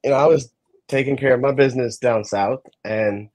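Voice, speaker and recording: A man's voice: mid-range voice, fairly even intonation, brisk, a little mellow, dry recording. A young adult man, a podcast co-host, telling a story in casual chat and acting out the voices of the people in it. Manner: storytelling, acts out voices in anecdotes.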